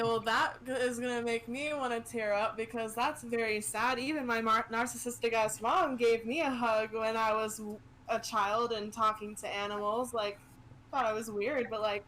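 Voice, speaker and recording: A woman playing in a tabletop game, animated and rambling, swearing freely. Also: a little high, a little hiss or hum, low-quality recording. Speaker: player. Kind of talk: casual tabletop play.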